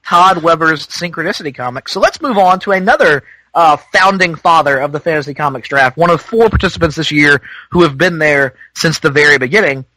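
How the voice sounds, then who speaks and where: A man's voice: a little high, brisk, pushed and bright, no room sound, rough recording. A man hosting a comics podcast, joking and self-mocking as he introduces guests. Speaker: podcast host.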